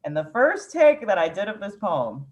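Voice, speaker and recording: A woman's voice: mid-range voice, big pitch swings, normal speed. A woman poet from Ukraine, telling a candid, reflective story in a casual interview, with frequent "like" fillers.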